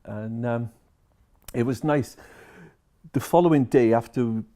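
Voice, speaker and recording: A man's voice: mid-range voice, slow, warm tone. A man, a social care worker telling a story to camera and retelling each conversation line by line.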